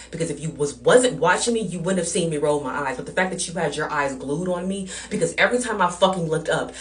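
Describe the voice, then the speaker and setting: A woman's voice: low voice, brisk, distant mic. A woman telling a storytime vlog, ranting in a blunt, profane and heated way. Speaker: vlogger.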